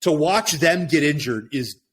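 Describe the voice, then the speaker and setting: A man's voice: fairly high pitch, expressive, unhurried, slightly rough. A middle-aged man talking as a podcast guest in a casual, reflective way, often checking in with "right?". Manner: reflective, tags points with "right?". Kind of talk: casual conversation.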